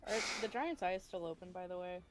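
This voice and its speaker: A woman's voice: lowish voice, lively intonation, fairly quick. A woman playing a tabletop game who chats casually and matter-of-factly. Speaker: player. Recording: noisy line with clicks.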